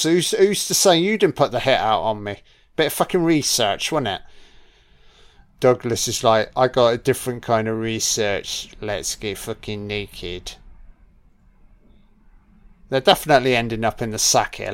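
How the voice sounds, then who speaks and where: Male commentator, mid pitch, swears a lot, joking and casual. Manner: profane, jokey, heavy swearing. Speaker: film commentator.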